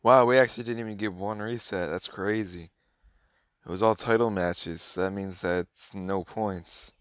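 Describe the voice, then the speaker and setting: A man's voice: lowish voice, steady tone, normal speed, smooth, no room sound, studio quality. A man giving offhand, casual running commentary while playing a mobile game, muttering his thoughts as he goes.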